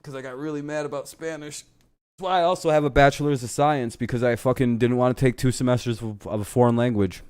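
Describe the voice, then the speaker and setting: A man's voice: medium pitch, steady tone, fast talker, a little mellow, clean tone, no echo, clean studio sound. A man hosting a live stream, chatting casually and profanely in a rambling, self-deprecating way while a game plays. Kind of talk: casual chat over a game broadcast.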